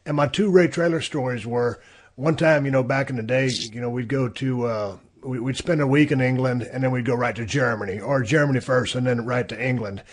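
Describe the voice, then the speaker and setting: A man's voice: mid-range voice, brisk. A middle-aged man hosting a podcast, telling a laid-back, profane story with plenty of fillers. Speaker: podcast host. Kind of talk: casual storytelling.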